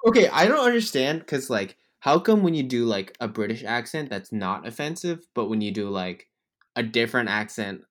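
A man's voice: medium pitch, big pitch swings, moderate pace. A man hosting a casual podcast, easygoing and leading the questions. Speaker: podcast co-host. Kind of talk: casual chat.

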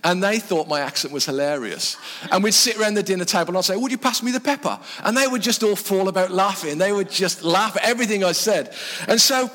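A man's voice: sits high, fast talker, bright, forceful tone. A man from the English Midlands preaching a sermon in a church, chatty and self-mocking, laughing often as he talks. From Black Country, English Midlands. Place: church hall. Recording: reverberant church hall.

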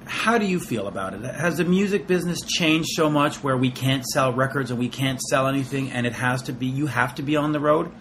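A man's voice: mid-range voice, brisk, hardly any pauses, a bit bright, slight background noise. A man hosting a casual music interview, asking questions in an enthusiastic, chatty way. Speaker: interviewer, host.

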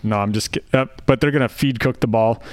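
A man co-hosts a casual football podcast and slips in deadpan, sarcastic jokes. His voice sits in a middle pitch, and the recording is dry and close. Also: fairly quick, dry recording. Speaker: podcast co-host. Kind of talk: casual sports chat.

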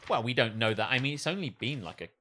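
A man's voice: mid-range voice, big pitch swings, fast talker, sharp tone. A man co-hosting a casual live-streamed podcast, with a dry, sarcastic way of talking. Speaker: podcast co-host. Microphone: studio mic on a stand.

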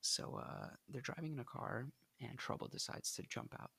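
A young man hosting a casual podcast, giving blunt dating advice in an animated, coaching way. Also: medium pitch, moderate pace, vocal fry, slightly rough, no room sound.

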